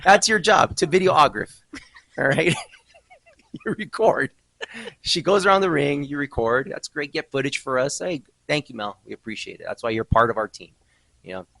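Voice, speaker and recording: A man hosting a podcast, telling a story with animated mock outrage in a casual chat. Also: a little high, moderate pace, vocal fry, no echo, low-quality recording. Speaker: podcast host.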